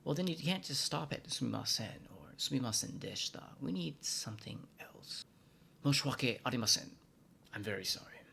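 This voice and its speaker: Gravelly with a breathy edge, this mid-range voice belongs to an American man teaching Japanese on his language vlog through scripted narration. His manner is playful, shifting into hushed asides and mock-formal talk.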